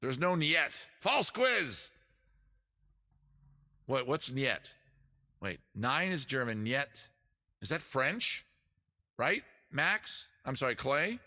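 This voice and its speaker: A man's voice: mid-range voice, very animated, slow, pushed and bright. A man hosting a casual live-stream trivia quiz, joking around and teasing the players. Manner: joking, teasing, crude asides. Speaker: host running a trivia quiz.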